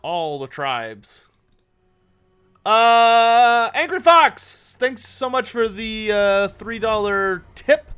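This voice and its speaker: Man, game streamer, casual commentary, higher voice, thinks aloud, answers viewers. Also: animated, takes it slowly, few pauses, a bit bright, clear, resonant tone. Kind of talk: casual gameplay livestream commentary.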